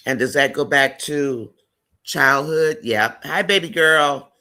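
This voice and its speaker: A man's voice: a little high, slow pace, pushed and bright. A man hosting a casual live-stream chat, reading viewer comments aloud and greeting and affirming viewers by name.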